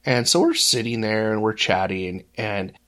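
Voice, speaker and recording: Co-hosting a relaxed faith-discussion podcast, a man with a lowish voice speaks at normal speed in a bright, forceful tone. He shares a personal story sincerely, impersonating the other people in it.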